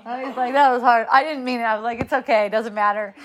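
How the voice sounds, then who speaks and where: A woman's voice: fairly high pitch, fairly even intonation, quick pace, fairly bright tone. A middle-aged woman telling a story about her sons in a casual chat, laughing often and rambling with many restarts.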